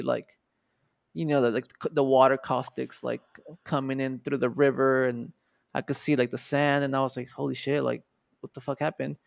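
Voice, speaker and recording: A gravelly, mid-range male voice comes through clean studio sound with no echo. He is a guest artist in his twenties from Texas, USA, telling a personal story in a loose, profane way, with lots of fillers and swearing.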